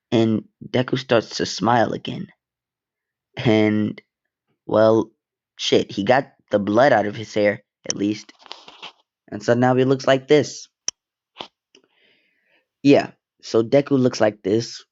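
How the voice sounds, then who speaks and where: A man's voice: fairly low pitch, fairly even intonation, slow pace, long pauses, a little mellow, highs cut off. A young man casually narrating a fan story, with offhand, rambling asides and swearing.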